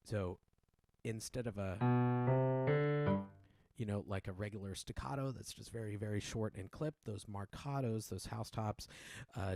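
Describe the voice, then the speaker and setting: A man teaching a piano piece in a relaxed, explanatory way, with many fillers and restarts. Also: fairly low pitch, vocal fry. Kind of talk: casual spoken tutorial. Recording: piano playing loudly behind. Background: loud piano playing.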